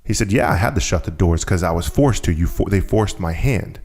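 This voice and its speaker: A man's voice: low-pitched, expressive, brisk, a little mellow, husky. A man talking as a podcast guest, telling a story and acting out the people he quotes. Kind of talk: storytelling conversation.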